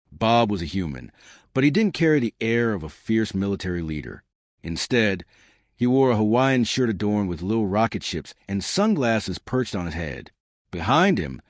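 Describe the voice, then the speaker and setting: A man's voice: on the low side, no echo, clean studio sound. A man telling a comic sci-fi story in wry, scripted narration.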